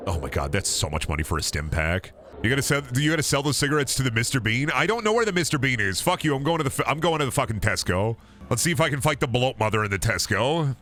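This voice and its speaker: A young man casually commentating a game stream, swearing freely and jumping into high, excited yelps when something surprises him. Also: a little hiss or hum.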